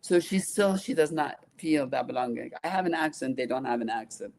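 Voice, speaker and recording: Iraqi-accented woman in her sixties, sincere interview guest, talks in halting bursts with restarts. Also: extremely low pitch, creaky, darkish tone. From Iraq. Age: 60s. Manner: halting, earnest, restarts often. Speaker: guest, nonprofit founder. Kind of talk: interview conversation.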